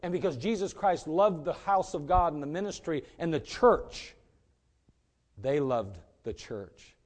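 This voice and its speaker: Preacher guy, emphatic sermon, gets loud at the peaks, bit higher voice. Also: lively intonation, a little slow. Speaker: pastor.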